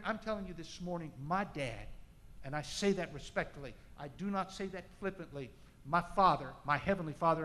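An impassioned male pastor preaches a sermon, swinging from loud to hushed. His voice is bright and forceful, and a long hall echo follows each phrase. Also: a little high. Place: large church sanctuary. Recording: echoey church hall.

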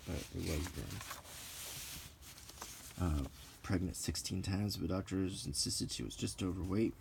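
A middle-aged man giving soft-spoken show-and-tell commentary as a vlogger, meandering and unhurried, with frequent ums and self-corrections. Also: low-pitched, fairly even intonation, vocal fry, background noise.

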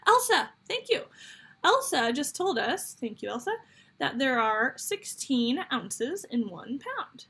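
A woman's voice: a little high, very animated, slow pace, a bit bright, slightly rough. A woman teaching a fifth grade math lesson on video, upbeat and encouraging as she talks straight to her students. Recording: faint background noise. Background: toddler babbling nearby.

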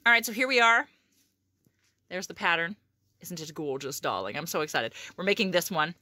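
A woman's voice: medium pitch, animated, brisk, bright, forceful tone, no echo. A woman chatting casually about sewing in a vlog, profane and self-mocking. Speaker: sewing vlogger.

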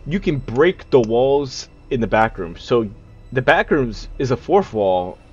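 A man's voice: mid-range voice, very animated, unhurried, darkish tone, breathy edge, highs cut off. A young man narrating a video game as he plays, rambling in casual asides and breaking into panicky yelps and swearing. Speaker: gaming YouTuber. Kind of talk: casual let's-play commentary.

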